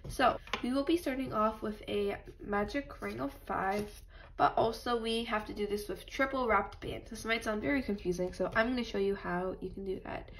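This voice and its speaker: A woman with a stuffy nose from allergies, calmly talking through a step-by-step craft tutorial and apologizing now and then. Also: mid-range voice, moderate pace, creaky, slight background noise. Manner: patient, apologetic instructions.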